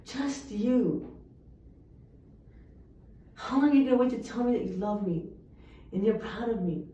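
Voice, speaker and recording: A woman's voice: on the high side, lively intonation, unhurried, warm tone. A young woman reciting poems earnestly, with emphatic delivery. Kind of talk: poetry recitation. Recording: echoey, distant, muffled room recording.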